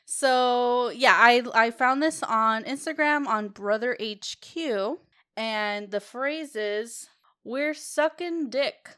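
A woman's voice: on the high side, slow pace, pushed and bright, clean tone. A woman co-hosting a podcast in casual chat, rambling and giggling, swearing freely. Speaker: podcast co-host.

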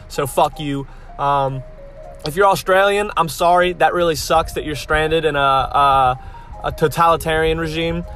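A young man with a bright, forceful, slightly high voice rants bluntly and swears freely, rambling through fillers. He stops to sound out tricky names letter by letter, with faint music in the background. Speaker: fight-sport vlogger. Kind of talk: casual profane rant.

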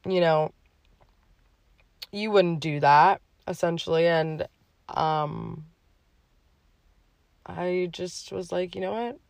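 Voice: medium pitch, fairly even intonation, very slow, gravelly, pauses often, dry recording. A podcast host speaking in a heartfelt, emotional personal monologue, with many fillers along the way.

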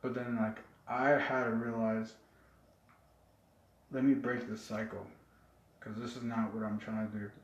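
A man's voice: lowish voice, flat delivery, measured pace, long pauses. Young man rambling through a story, echoey. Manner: earnest, rambling storytelling with many "like"s. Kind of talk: casual chat. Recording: echoey room, dull lo-fi sound.

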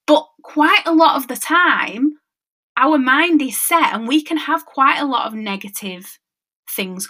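A woman's voice: mid-range voice, pushed and bright. A woman, hosting a casual solo podcast as a mindset coach, chatty and conversational and checking in with her listeners as she goes.

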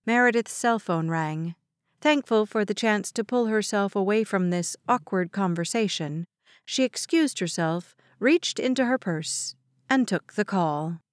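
A woman giving measured, expressive scripted narration of a thriller audiobook. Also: medium pitch, no room sound, studio quality.

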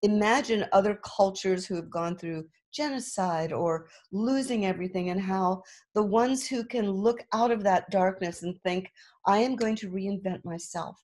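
A middle-aged woman, a restaurant owner guesting on a podcast, talking earnestly and emotionally in quick bursts. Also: medium pitch, a little mellow. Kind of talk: podcast interview.

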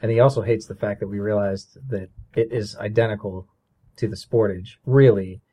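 A man's voice: on the low side, steady tone, moderate pace, mellow. A man in casual chat who teases his friends and asks follow-up questions.

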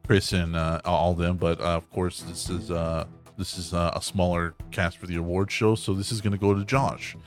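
Deep dude hosting a podcast, lots of uhs, low voice, bit of music behind. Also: male voice, level tone, moderate pace, hardly any pauses. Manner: rambling with many fillers. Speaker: podcast host. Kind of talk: casual chat.

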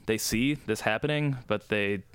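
A man's voice: fairly low pitch, moderate pace, clear, resonant tone, no room sound. A young man running a tabletop game as dungeon master, explaining rules casually with plenty of fillers.

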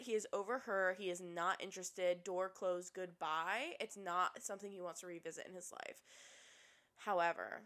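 Bright, chatty young woman dishing gossip. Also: medium pitch. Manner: gossipy, animated, swears freely. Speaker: podcast co-host. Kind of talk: casual reality-TV recap chat.

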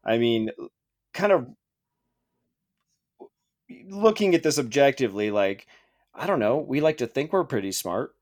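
Joking, profane podcast co-host, lively voice. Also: male voice, mid-range voice, measured pace, pauses often. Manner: joking and profane, rambling asides. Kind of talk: casual chat.

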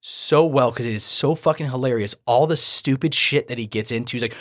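A man's voice: mid-range voice, brisk, few pauses, a bit bright, no room sound. A man co-hosting a podcast in casual chat, enthusiastic and swearing, sometimes stumbling over names. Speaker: podcast co-host.

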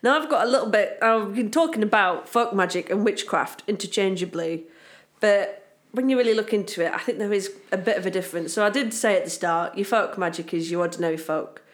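A woman's voice: mid-range voice, brisk. A woman from Britain co-hosting a podcast in casual, playful chat. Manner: playful, bursts into silly voices and laughter. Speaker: podcast co-host.

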